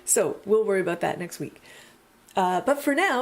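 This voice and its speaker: A woman's voice: medium pitch, normal speed. A young woman hosting her own live music stream, talking casually and rambling with asides. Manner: chatty and rambling, frequent ums and asides. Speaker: singer-songwriter hosting a weekly live stream. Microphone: computer webcam setup.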